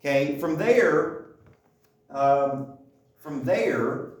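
A man's voice: a little high, expressive, extremely slow. A man giving a conversational Bible teaching, often checking in with his listeners. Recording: echoey room.

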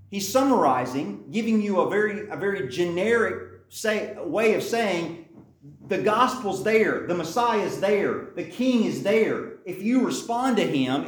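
A man's voice: high-pitched, roomy sound. A man teaching a Bible study, reading scripture aloud and then explaining it, repeating his key points.

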